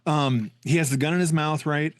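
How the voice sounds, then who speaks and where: Halting man on a dry podcast mic. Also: on the high side, steady tone, no room sound. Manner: halting, stumbles and repeats words. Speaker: podcast co-host. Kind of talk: casual film discussion.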